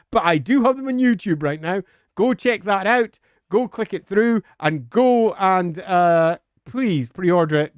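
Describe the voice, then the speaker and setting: A man's voice: high-pitched, no room sound, studio quality. A man on a live stream answering viewer questions in a chatty, upbeat way, with frequent hesitant fillers.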